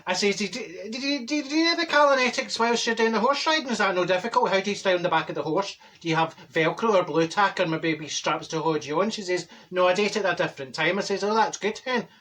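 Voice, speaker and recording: A man's voice: high voice, fast talker, few pauses, fairly bright tone. A man voicing a brash, chatty middle-aged woman with a Glaswegian accent, telling a comic story in a blunt, gossipy way. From Glasgow. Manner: gossipy, blunt, self-described people person. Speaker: comedy character. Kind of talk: character comedy monologue.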